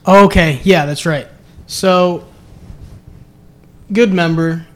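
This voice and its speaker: A man, a caddy, chatting as a podcast guest, with a fairly high voice. He tells his stories animatedly, laughing often and restarting his phrases as he goes. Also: very slow, fairly bright tone. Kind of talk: casual chat.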